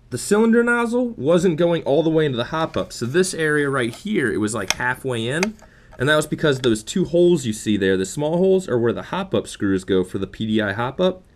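Young male vlogger, irritated and profane, rambling delivery with a very animated pitch. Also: moderate pace, slight background noise. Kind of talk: casual ranting vlog.

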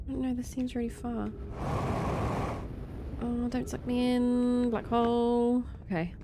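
A woman's voice: a little high, level tone, a little slow, noisy background. A woman playing through a video game, reacting with jumpy exclamations, sudden swearing and talk about being scared. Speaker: let's play host. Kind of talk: gameplay commentary. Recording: game music loud behind voice. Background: game music and sound effects.

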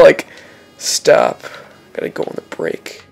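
A young man giving casual, excitable let's-play commentary over a racing game, swearing and exclaiming when he makes mistakes. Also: fairly high pitch, moderate pace, creaky, soft background music. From Lithuania. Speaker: gaming channel host.

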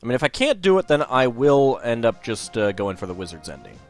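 A man's voice: medium pitch, very animated, fairly quick, faint music behind. A man hosting a let's play, thinking aloud and joking at his own expense as he plays through a game. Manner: chatty, thinking aloud, self-deprecating. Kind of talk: casual gameplay commentary.

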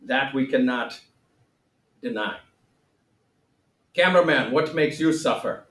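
A man who teaches hams it up as the Buddha, a mock-solemn sage, in a jokey class role-play with a shaky fake accent and theatrical delivery. He speaks slowly in a mid-range, slightly bright voice. The audio is low quality and reverberant, captured far from the mic.

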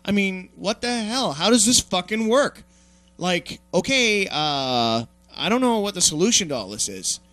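A man's voice: high-pitched, measured pace, no echo, faint music behind. Young male host, raised voice, profane mocking political rant. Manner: swearing, mocking, animated ranting. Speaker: podcast host.

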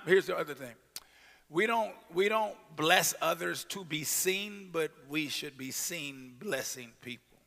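A male pastor preaching a sermon, shouting out scripture and breaking into casual asides to his congregation. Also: a little high. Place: church sanctuary. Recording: long reverb of a church hall.

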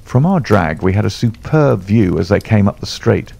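A man reading a classic story aloud as an audiobook narrator, in an expressive, measured manner. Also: fairly low pitch, gravelly, husky. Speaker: audiobook reader.

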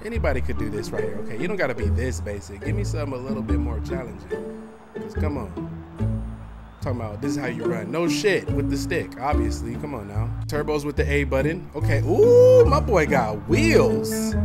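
Excitable, swearing young gamer man. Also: medium pitch, fast talker. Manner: loud, excitable, trash-talking with frequent swearing. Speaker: gaming channel host. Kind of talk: casual profane gameplay commentary. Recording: voice over loud game music.

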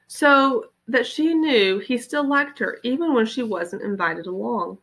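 A woman teacher reading a children's novel aloud with expressive storytelling. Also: on the high side, measured pace, few pauses.

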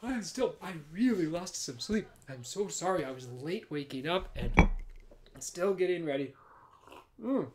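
A man's voice: sits high, animated, a little slow, a little hiss or hum. Playful male preschool music teacher. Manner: playful, apologetic, laughs often, drops to soft whispers. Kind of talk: live-streamed kids' music and movement class.

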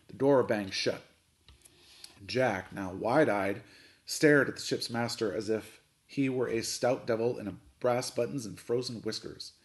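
Brief: man narrating a children's novel, animated pitch, expressive reading. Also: normal speed. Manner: expressive storytelling. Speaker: coach reading aloud.

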